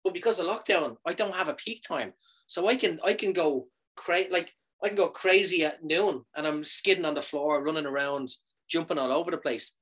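A man in his thirties, a comedian chatting casually and telling animated stories, leaping up in pitch for quoted lines. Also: normal speed. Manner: animated storyteller, jumps high for quoted lines. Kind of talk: casual chat.

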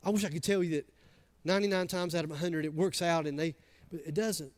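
A pastor speaks quickly to his congregation in the church sanctuary, his voice a little high and steady in tone. The sermon is conversational and emphatic, and he frequently acts out the voices of the people he quotes.

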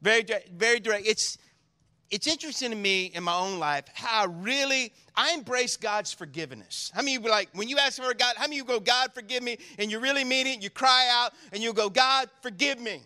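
Pastor preaching to his church, high voice, bright sound, goes quiet then loud. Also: fast talker. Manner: preaching with call-and-response asides to the congregation; swings from quiet solemn reading to loud excited preaching. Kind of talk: sermon.

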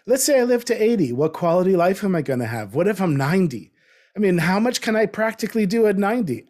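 A man in his fifties talking in a relaxed conversation, reflective and getting animated as he makes a point. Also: high-pitched, quick pace. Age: 50s. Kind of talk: casual conversation.

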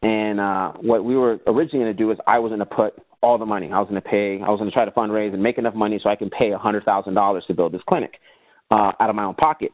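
Fast-talking man, tinny phone-like sound. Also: lowish voice, no room sound. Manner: animated storyteller who acts out remembered conversations. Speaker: podcast guest, business owner. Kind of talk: casual interview storytelling.

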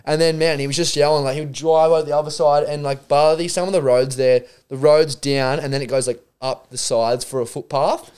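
Aussie dude rambling thru a sweary story on a podcast, bit high voice. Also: male voice, steady tone, fairly quick, hardly any pauses, a little mellow, clear, resonant tone. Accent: Australian. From Australia. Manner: rambling, swearing storyteller who acts out other people's voices. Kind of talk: casual chat.

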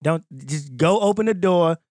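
A man's voice: high-pitched, normal speed, a little mellow, dry recording, studio quality. A man co-hosting a podcast in casual chat, blunt and emphatic with plenty of profanity. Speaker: podcast co-host.

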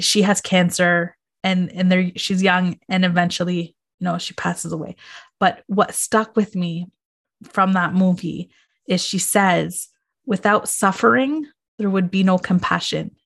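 A woman's voice: on the low side, fairly bright tone. A woman guest on a podcast, speaking in a reflective, thoughtful way. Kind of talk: casual podcast conversation.

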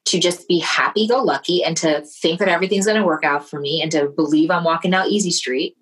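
A woman with a fairly low voice tells a personal story in a relaxed, chatty way. She is lively and expressive and slips into the voices of the people she quotes. She sounds middle-aged. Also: quick pace, breathy edge, faint music behind, rough recording. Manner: animated, acts out quoted voices. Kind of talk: casual storytelling chat.

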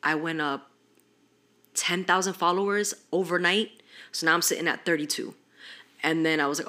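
A woman's voice: lowish voice, moderate pace, pauses often. A young woman hosting a podcast, telling stories in casual chat with lots of swearing and slang. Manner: animated storytelling, heavy swearing, slangy. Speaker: podcast host.

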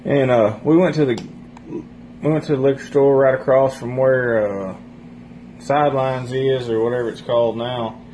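A man's voice: medium pitch, fairly even intonation, normal speed, warm tone, slight background noise, low-quality recording. A man casually telling a rambling, profane story among friends. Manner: rambling, profane, laughs while telling stories.

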